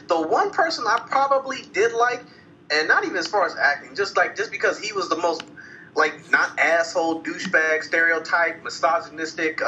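A man's voice: fairly high pitch, dull audio, slight background noise. A man ranting casually about a movie, swearing a lot and acting out lines from it. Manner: animated, profane, acts out quoted lines. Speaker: movie reviewer. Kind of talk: casual profane movie rant.

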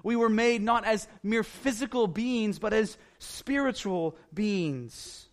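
A pastor preaching an earnest sermon, repeating phrases for emphasis and building in intensity. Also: male voice, high voice, slow pace.

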